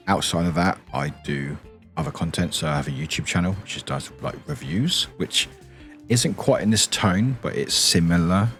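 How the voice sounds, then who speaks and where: Late at night, a British man streams with a deep, quiet voice that sounds like he just woke up, rambling and giggling while he responds to his chat.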